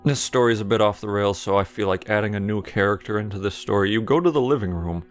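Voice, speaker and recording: A man's voice: fairly low pitch, quick pace, faint music behind. A man reading aloud and commenting sardonically on a text adventure game as he plays it. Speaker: gaming streamer.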